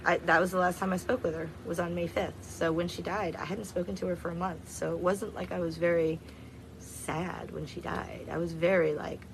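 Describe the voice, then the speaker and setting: A young woman speaking in a candid, blunt storytelling manner. Her voice sits a little low. Faint background noise, maybe a vehicle, hums behind her. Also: fairly even intonation, moderate pace. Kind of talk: casual storytelling vlog.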